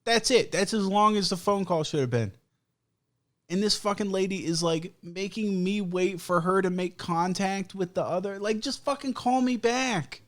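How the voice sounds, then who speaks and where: A man's voice: high voice, normal speed, a bit bright, no room sound. Profane ranting young man. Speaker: podcast host. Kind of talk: casual chat.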